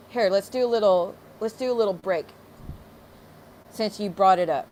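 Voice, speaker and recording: A woman's voice: medium pitch, moderate pace, pauses often, a little mellow, a little hiss or hum. A woman hosting a livestream, ranting angrily with heavy profanity and sarcastic mockery. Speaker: streamer host. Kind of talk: livestream rant.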